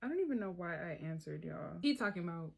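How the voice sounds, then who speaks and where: A woman's voice: lowish voice, sing-song, fast talker, creaky, a little mellow, husky. A woman telling a personal story in a casual, profane way, often talking to viewers as y'all. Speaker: storyteller vlogger.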